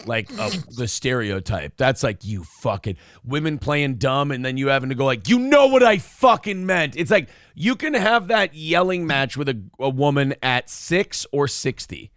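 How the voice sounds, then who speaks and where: On a casual morning show, a podcast co-host with a medium-pitched voice tells stories at normal speed with few pauses. His banter is animated, crude, and full of swearing, and the recording is dry with clean studio sound.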